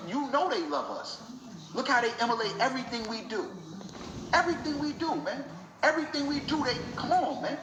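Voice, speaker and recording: A young man speaks with raw emotion, hammering the same points again and again like a street preacher. His voice sits high for a man. The room around him rings with echo. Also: noisy background. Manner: emotional, preachy, repeats himself. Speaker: vlogger. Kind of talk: impassioned talk to camera. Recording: echoey room.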